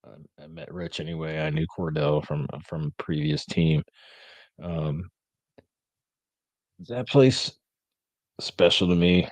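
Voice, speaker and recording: Low, dry-voiced man rambling casually. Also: a little mellow, no room sound. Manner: rambling, many ums and uhs. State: sleepy, yawning. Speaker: podcast host. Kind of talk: casual live-stream chat.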